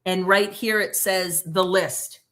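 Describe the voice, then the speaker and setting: A middle-aged woman, a former prosecutor, is a guest on a livestream interview, speaking slowly in a lowish voice. She tells stories bluntly and emphatically, animatedly retelling them with quoted dialogue.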